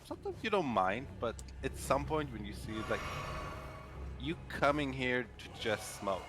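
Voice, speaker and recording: A man in casual conversation, talking haltingly with many fillers as he searches for words. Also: mid-range voice, very animated. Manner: halting, full of fillers like "you know" and "like". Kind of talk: casual chat.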